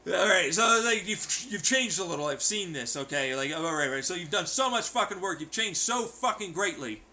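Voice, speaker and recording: High, bright-voiced man ranting sarcastically. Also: animated, moderate pace. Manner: profane, sarcastic, mocking imitations. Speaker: vlogger. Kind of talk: ranting vlog commentary.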